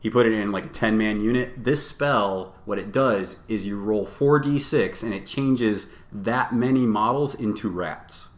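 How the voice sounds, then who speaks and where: A man co-hosting a podcast, telling a tabletop tournament story in a casual, animated and profane way, acting out both sides of the argument. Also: on the low side, a little slow, few pauses. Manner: animated, profane storytelling with quoted back-and-forth. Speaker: podcast co-host. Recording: roomy echo.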